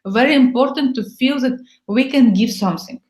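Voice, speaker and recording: Woman chatting in broken english, kinda high voice, echoey room, acts stuff out. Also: brisk, darkish tone. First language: Bulgarian. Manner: broken English, frank and playful, acting out little scenes. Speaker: workshop host. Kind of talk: casual chat.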